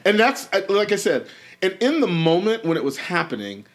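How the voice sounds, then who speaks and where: A man talking as a podcast guest, an animated storyteller who acts out the voices he quotes. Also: high-pitched, a little fast. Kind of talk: casual interview.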